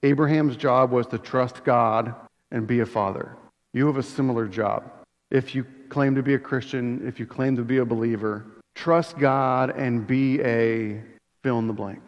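A male pastor delivering a sermon with animated storytelling and emphatic repetition. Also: mid-range voice, normal speed. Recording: dull sound in a long-echo hall.

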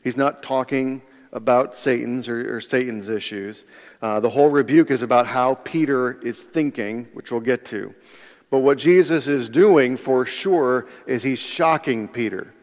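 A male pastor's unhurried, mid-range voice carries a chatty yet animated sermon in a hall with long reverb. He keeps restarting his sentences and dramatizing the quotes he cites.

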